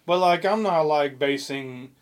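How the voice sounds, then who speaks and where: A young man chatting on a podcast, rambling through a story with lots of fillers and restarts and plenty of swearing. His voice sits a little higher than most men's. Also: measured pace. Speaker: podcast co-host. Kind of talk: casual chat.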